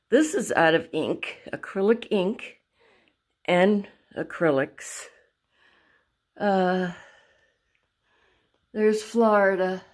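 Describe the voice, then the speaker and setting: A woman's voice: medium pitch, very slow, pauses often, darkish tone. A woman casually showing her paintings in a home vlog, rambling, searching for words and correcting herself as she walks along a wall. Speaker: vlogger showing her artwork. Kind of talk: casual show-and-tell vlog.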